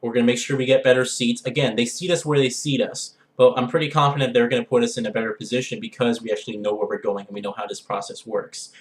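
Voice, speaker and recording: A man's voice: mid-range voice, fairly even intonation, quick pace, few pauses, echoey room. A young man from the Los Angeles area talking casually in a gaming vlog, rambling and often checking in with "all right?". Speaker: gaming vlogger.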